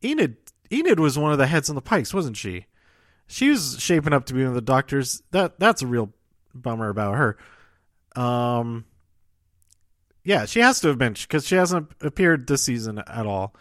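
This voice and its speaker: A man casually recapping a TV episode, rambling and halting with many fillers, restarts and chuckling asides. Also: mid-range voice, big pitch swings, fairly bright tone, no room sound. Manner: self-deprecating and chuckling asides.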